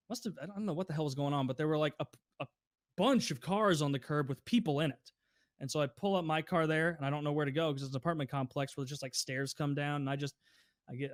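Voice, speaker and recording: A young man telling a casual podcast story, animated and swearing freely, acting out the people he quotes. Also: on the high side, no echo, studio quality. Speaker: podcast co-host.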